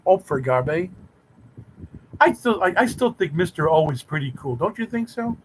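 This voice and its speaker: Playful rambling man, rather high voice. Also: fairly bright tone, slight background noise, poor audio. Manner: teasing, mock-romantic banter with viewers. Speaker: livestream host reading chat. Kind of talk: rambling playful live chat.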